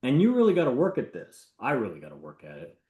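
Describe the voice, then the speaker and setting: A man's voice: mid-range voice, fast talker, dull audio. A real estate agent, a man, chats loosely and animatedly. He slips into the voices of the people in his story. His voice sits in the middle range and bounces around a roomy, echoey space. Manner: animated, acts out the people he quotes. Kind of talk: casual storytelling talk. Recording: echoey room.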